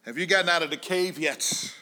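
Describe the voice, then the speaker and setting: A male pastor preaches with a high-pitched, brightly ringing voice. He tells stories to his congregation, dropping into quiet, hushed stretches before rising back to emphatic calls. His delivery has the rhythm of a storytelling preacher. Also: brisk. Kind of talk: sermon.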